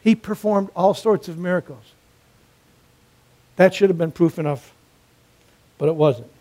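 Mellow-voiced man preaching. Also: high-pitched, a little slow. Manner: emphatic, repetitive, storytelling. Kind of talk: sermon.

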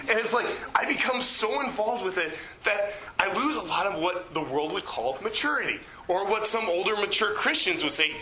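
Bright-voiced young man preaching casually. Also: sits high, fairly quick, few pauses, echoey room, low-quality recording. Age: 20s. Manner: chatty, animated, acts out voices with lots of fillers. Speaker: youth leader preaching. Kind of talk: informal sermon. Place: church.

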